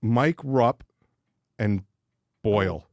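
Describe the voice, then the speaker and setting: A man's voice: on the low side, extremely slow, dry recording. Profane ranting man, dry close sound. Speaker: podcast co-host. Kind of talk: casual sports chat.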